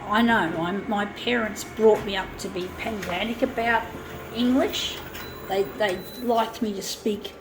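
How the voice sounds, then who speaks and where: A woman's voice: medium pitch, steady tone, measured pace. A middle-aged woman vlogging in a blunt, ranting way and swearing freely as she chats while photocopying, with a photocopier's mechanical noise behind her. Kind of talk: casual chat while photocopying.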